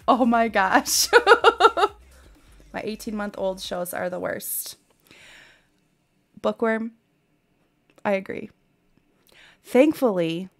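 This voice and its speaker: A woman in her thirties streaming a game live, chatting with viewers, laughing often and crying out while she plays. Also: mid-range voice.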